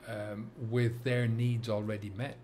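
A middle-aged man with a Dublin accent, talking to camera as a sobriety coach, earnest and halting with many fillers and restarts. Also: on the low side, little pitch movement, dark tone, slight background noise. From England and Ireland. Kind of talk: reflective monologue to camera.

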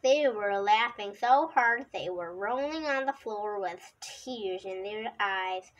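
Slow-paced woman reading a storybook. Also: mid-range voice, a bit bright, rough recording. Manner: slow, unhurried reading with occasional slips and restarts. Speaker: storybook reader. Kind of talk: reading a children's picture book aloud.

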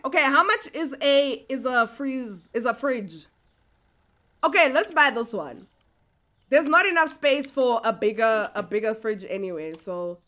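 Lively high-voiced woman. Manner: animated, exclaiming, chatting to viewers. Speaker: gaming streamer. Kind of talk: casual gameplay commentary.

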